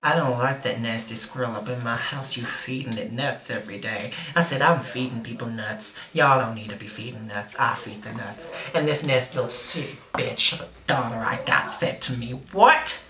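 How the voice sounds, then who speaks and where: A woman playing a crude, boastful Southern mother in a comedy sketch, talking in a brash deadpan way. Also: rumbling low, moderate pace, hardly any pauses, crowd noise. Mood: indignant. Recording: roomy echo.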